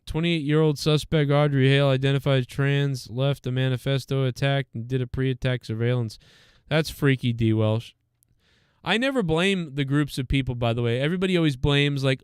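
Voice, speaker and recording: A man's voice: medium pitch, moderate pace, smooth, dry recording. Male live stream host, loose and profane, clean dry close sound. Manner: rambling, profane, reacts out loud. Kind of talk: casual live commentary.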